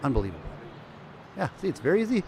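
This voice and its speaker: Animated sarcastic male stream host. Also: on the high side, rapid-fire, slight background noise. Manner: sarcastic, animated, swings between loud and muttered asides. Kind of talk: casual news commentary stream.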